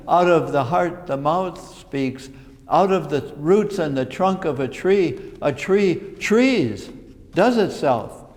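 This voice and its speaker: A Jesuit priest giving a sermon in a church, speaking in slow, reflective phrases. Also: male voice, sits high, a little mellow. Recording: long reverb of a large hall.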